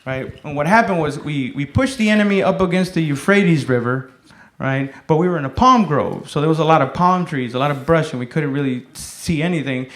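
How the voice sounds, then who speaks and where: This stand-up set comes from a man in his thirties with a slightly high voice, talking briskly with few pauses. He's laid-back in his storytelling but swears a lot and yells what other people said. The comedy club recording is echoey, with loud laughter.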